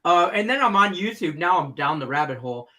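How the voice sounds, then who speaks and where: A man's voice: high voice, fairly quick. A middle-aged man co-hosting a sports betting show, telling stories in casual chat and laughing often. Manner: animated storyteller, laughs often.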